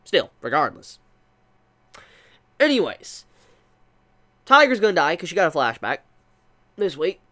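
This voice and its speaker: An anime reviewer talks through a casual video rant in a pitch that swings wide, jumping between disbelieving questions and low, deflated remarks. The delivery is exasperated and repetitive, with stammered restarts and repeated words. The voice sits at a middle pitch. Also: big pitch swings, measured pace, long pauses, pushed and bright. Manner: restarts and stammers while thinking aloud.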